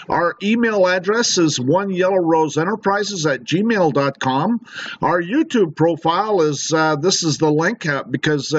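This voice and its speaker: A man reading out announcements on a conference call, plainly and with filler pauses. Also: a little high. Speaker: show regular reading contact details. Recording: dull lo-fi conference call line.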